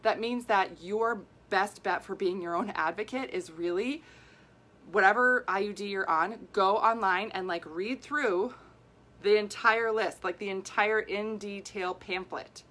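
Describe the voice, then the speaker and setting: Animated woman in her 40s, health coach doing a live video, bright forceful voice, gets all worked up. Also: mid-range voice, unhurried. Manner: animated and worked up, laughing, acting out quoted people. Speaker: women's health coach and host. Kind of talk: casual live video answering viewer comments.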